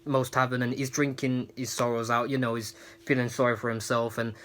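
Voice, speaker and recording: A man's voice: mid-range voice, flat delivery, a little fast, a bit bright. A man giving a casual, rambling episode recap with many restarts. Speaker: episode reviewer.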